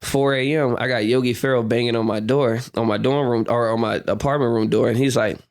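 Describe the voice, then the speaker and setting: A man's voice: mid-range voice, a little fast. A young man telling stories as a guest on a podcast interview, laughing often and acting out what people said. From United States. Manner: animated storyteller, acts out quotes, laughs often. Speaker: guest, professional basketball player. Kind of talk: casual storytelling interview.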